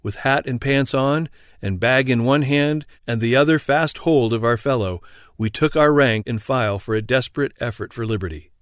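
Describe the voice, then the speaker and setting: A man narrating an audiobook in a steady, even storytelling read. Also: mid-range voice, moderate pace, clean tone, dry recording, clean studio sound. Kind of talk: scripted narration.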